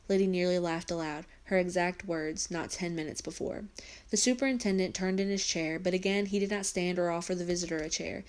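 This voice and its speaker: A woman, a teacher, reading a novel aloud for her students in a steady storytelling voice. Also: fairly low pitch, fairly quick.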